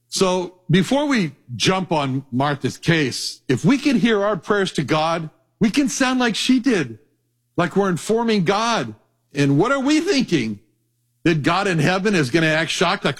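A middle-aged man preaching a sermon, his voice sitting a little high. He tells stories with animation and slips into acted-out voices as he talks. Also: a little slow. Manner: animated storytelling, acts out voices.

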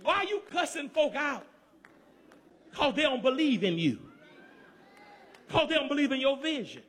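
Male preacher, high and lively, shouts in rhythm, calls on the congregation. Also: moderate pace. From Georgia, USA. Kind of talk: sermon.

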